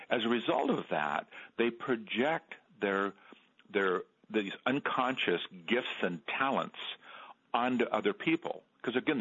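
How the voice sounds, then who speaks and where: A middle-aged man, an author guest on a radio interview, telling stories in an earnest, halting way and repeating words. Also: lowish voice, fairly bright tone, slightly rough. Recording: dull lo-fi radio sound.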